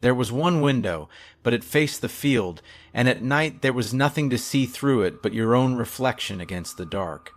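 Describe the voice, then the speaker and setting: A man reading a horror story in a measured, hushed, low-key way. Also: lively intonation. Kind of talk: scripted horror narration.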